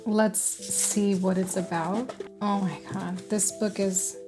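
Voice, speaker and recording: A woman's voice: medium pitch, steady tone, slow, over music. A young adult woman casually chatting as a book vlogger who giggles and rambles between thoughts. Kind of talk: casual unboxing chat.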